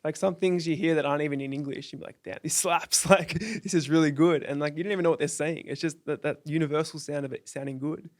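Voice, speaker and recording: Man, podcast host, slightly higher voice, easygoing and agreeable. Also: steady tone, a little mellow. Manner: agreeable, quick affirmations and laughs. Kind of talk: casual conversation.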